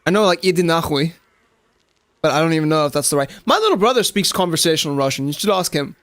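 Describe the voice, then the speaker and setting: A young South African man with a squeaky voice, chatting excitably to viewers and swearing casually during live gameplay commentary. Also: rapid-fire, no room sound. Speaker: game streamer.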